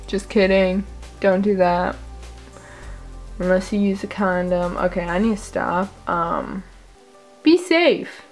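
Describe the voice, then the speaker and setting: A woman's voice: on the low side, expressive, unhurried, long pauses, darkish tone, soft background music. A young woman vlogging casually, goofy and chatty, often laughing at herself. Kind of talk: casual chat.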